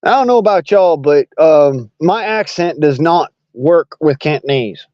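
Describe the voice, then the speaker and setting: Profane Southern man, high voice. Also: expressive, unhurried, no room sound, lo-fi sound. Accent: Arkansas Southern. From Arkansas. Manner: blunt, profane, rambling with restarts. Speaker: online talk show host. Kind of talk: casual political monologue.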